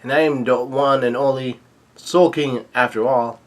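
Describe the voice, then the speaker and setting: A man's voice: medium pitch, a little slow, lightly acted. A man reading out a weary skeleton musician. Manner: reads lines aloud flatly. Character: skeleton male musician, wheezing and tired.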